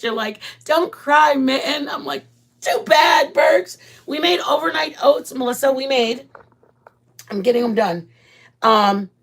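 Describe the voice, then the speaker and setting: A woman chatting casually with viewers while making food in her home kitchen, rambling and greeting people by name. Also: a little high. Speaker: vlog host. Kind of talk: casual live-stream chat while cooking.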